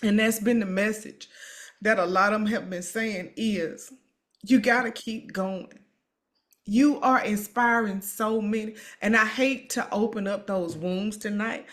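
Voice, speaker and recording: A woman's voice: mid-range voice, fairly even intonation, measured pace. A woman hosting an emotional interview, encouraging and repeating herself as she talks. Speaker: host. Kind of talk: emotional live-stream interview.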